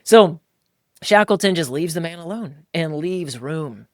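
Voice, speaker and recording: A man hosting a podcast, talking in a casual, emphatic way and jumping into higher, livelier voices when he acts out quotes. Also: lively intonation, a little slow, no room sound, clean studio sound. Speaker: podcast host. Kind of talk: casual podcast talk on faith and marriage.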